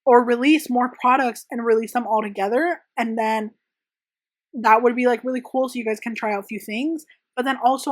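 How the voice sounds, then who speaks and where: Her voice runs on the high side, and there's no room sound in the recording. She's a young press-on nail artist and channel host, chatting loosely through viewer questions in a Q&A vlog from her home room, full of "like" and "um" fillers.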